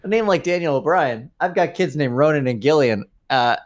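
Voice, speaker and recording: A man's voice: a little high, animated, moderate pace. A man co-hosting a comedy podcast in casual chat, telling stories animatedly and laughing often. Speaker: podcast co-host.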